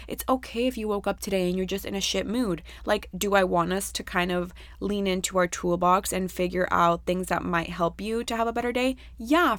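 A woman's voice: mid-range voice, gravelly, fairly bright tone, no echo, studio quality. A young woman hosting a podcast solo, talking casually and candidly with lots of fillers and swearing. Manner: chatty, candid, swears freely, many fillers. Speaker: podcast host.

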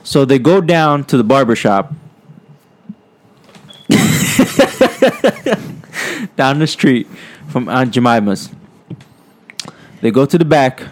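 A man's voice: medium pitch, big pitch swings, slow, long pauses. Casual cursing man spinning a story. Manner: casual, cursing, checking in with "right?". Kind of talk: improvised comedy storytelling.

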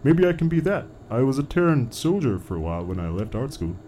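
Man doing an upbeat Canadian ex-soldier, quick, warm, mellow tone. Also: mid-range voice, big pitch swings, slight background noise, lightly acted. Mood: eager. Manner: upbeat, eager. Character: cheerful male Canadian ex-soldier painter. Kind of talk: audio comedy drama acting.

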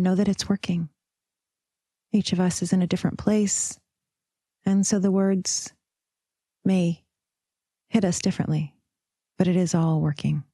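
A woman podcast host leading a slow, soft guided meditation, sometimes dropping into a whisper and calling the listener sister. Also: fairly low pitch, husky, no echo, studio quality. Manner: calls listener "sister", affirmations.

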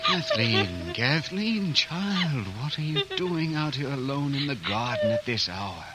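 An actor playing a stern older guardian in a 1940s radio drama, forceful and commanding. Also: male voice, on the high side, wildly swooping pitch, measured pace, very noisy. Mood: tender. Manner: forceful, commanding, swings to tender. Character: stern older guardian nursing an old hatred. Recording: old radio broadcast with music.

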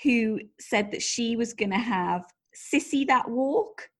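Higher-voiced woman podcaster. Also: slow, fairly bright tone. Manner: chatty, reads out listener messages, giggly. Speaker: podcast co-host. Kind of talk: casual chat.

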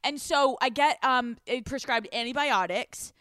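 A woman's voice: sits high, a little slow, fairly bright tone, no echo. A young woman hosting a podcast, telling a crude story in casual chat and swearing freely into a handheld microphone. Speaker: podcast host.

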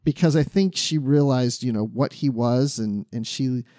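A man co-hosting a casual book discussion podcast, chatty and quick to laugh. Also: medium pitch, dark tone, dry recording, clean studio sound. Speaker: podcast co-host.

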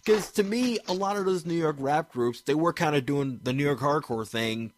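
A man's voice: a little high, expressive, moderate pace. A man from Maryland hosting a casual chat, laid-back and profane, filling his talk with "you know". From Maryland, USA.

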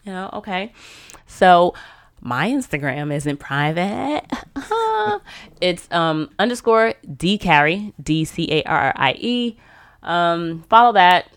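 A woman's voice: fairly low pitch, expressive, measured pace, clear, resonant tone. A woman hosting a podcast, chatting casually, rambling and laughing often. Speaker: podcast host.

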